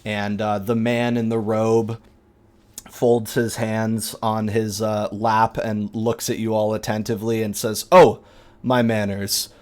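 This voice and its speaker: A man narrating a tabletop game as game master, relaxed and often pausing on fillers. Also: on the low side.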